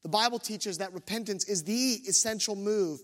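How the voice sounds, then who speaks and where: A man's voice: high voice, moderate pace. A man in his thirties preaching a sermon and telling a self-deprecating personal story, with many restarts. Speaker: pastor. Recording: long hall reverb.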